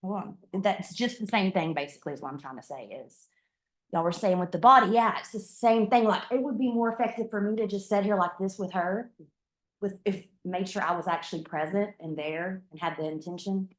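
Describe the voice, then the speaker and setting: A woman's voice: mid-range voice, brisk. A woman yoga trainee sharing her thoughts in a group, searching for words and restarting often. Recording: echoey room.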